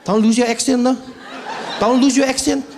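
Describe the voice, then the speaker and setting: A comedian acting out a pushy, friendly well-wisher with a South African accent who pleads insistently and ends lines with tag questions. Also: male voice, extremely high pitch, steady tone, moderate pace, darkish tone, slight background noise, voice pushed up. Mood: pleading.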